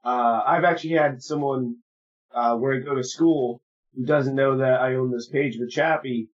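A man's voice: mid-range voice, steady tone, normal speed. A young man from New Jersey co-hosting a casual podcast chat, joking, swearing freely and laughing often. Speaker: podcast co-host. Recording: dull lo-fi call audio.

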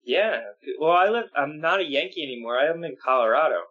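A man's voice: on the high side, expressive, brisk. A young man co-hosting a casual podcast chat in an earnest, easygoing way. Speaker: podcast co-host. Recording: dull lo-fi call audio.

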